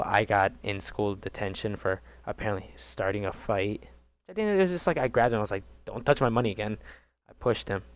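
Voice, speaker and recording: A young adult gaming vlogger from the DC, Maryland, and Virginia area tells a storytime vlog in a low, smooth voice. He's casual, rambling, and profane, with many fillers and restarts.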